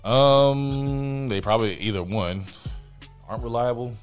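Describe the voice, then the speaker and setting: A man's voice: medium pitch, unhurried, clean tone, faint music behind. A young man in casual podcast chat, telling a story with lots of slang and acting out both sides of a quarrel. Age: young adult. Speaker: podcast co-host.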